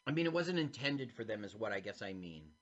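A man co-hosting a podcast, casually commenting on an animated film as it plays, animated and chatty. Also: lowish voice, brisk. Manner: animated, talks over the film. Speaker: podcast co-host. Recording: dull lo-fi sound.

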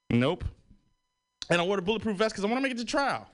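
A man doing a stand-up comedy set in a radio studio, animated and swearing freely, his voice climbing high when he gets worked up. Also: fast. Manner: animated, swearing, rising to a high-pitched exclaim. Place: radio studio hosting a live comedy show.

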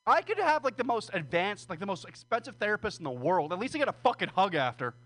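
A stand-up comedian performs a rambling, profane, self-deprecating set at an open mic in a small comedy room with an audience. He talks fast in a high voice with big pitch swings and a fairly bright tone.

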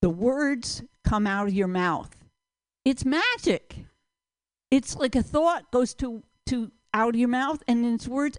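A woman's voice: a little high, no echo. A woman doing a rambling, self-deprecating stand-up set at an open mic. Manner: rambling, self-deprecating, sings a joke song. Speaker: stand-up comedian.

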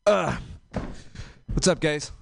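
A man's voice: fairly high pitch, vocal fry, slight background noise. A man doing an open-mic stand-up set, rambling and self-deprecating, with lots of fillers. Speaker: stand-up comedian.

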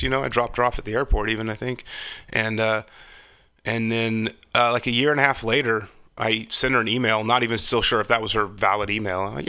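A man's voice: lowish voice, fairly quick, bright, forceful tone, clean tone. A middle-aged man telling long, rambling stories in casual chat, swearing freely as he goes. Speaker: podcast guest.

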